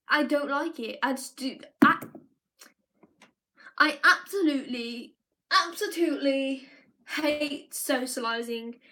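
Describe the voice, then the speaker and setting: Bright high-voiced woman vlogging. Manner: rambling, with frequent restarts and "like". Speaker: live vlogger. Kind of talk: casual live-stream monologue.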